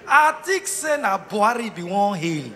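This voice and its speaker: A man with a Nigerian Pidgin English accent doing live stand-up comedy, teasing the crowd and breaking into sudden shouts. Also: sits high, very animated, normal speed, slight background noise. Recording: reverberant hall sound.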